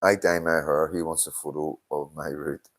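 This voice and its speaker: Older streamer with a very low voice, tired and sweary, chatting loosely to his viewers. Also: fairly even intonation, normal speed, fairly bright tone. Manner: swears a lot, tired and yawning. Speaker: livestream host. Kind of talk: casual live-stream chat reading comments.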